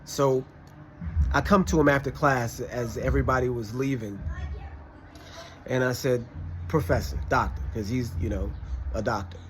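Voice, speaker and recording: Here a mid-range male voice recounts a classroom experience at normal speed, pausing often, over a little hiss or hum. The telling is casual, animated and emphatic, and he frequently quotes what others said in conversation.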